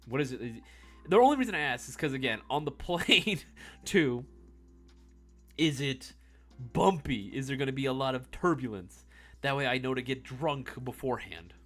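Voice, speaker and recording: A man's voice: mid-range voice, expressive, normal speed, a bit bright, soft background music. Laid-back man chatting on a live stream. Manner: laid-back, laughs often, swears casually, says "bro" and "dude". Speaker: airsoft streamer answering live chat. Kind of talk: casual live-stream chat.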